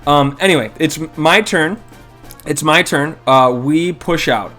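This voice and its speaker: A man with a slightly high, slightly slow, sharp-toned voice casually commentates his own strategy game over soft background music. He thinks out loud and criticizes his own moves.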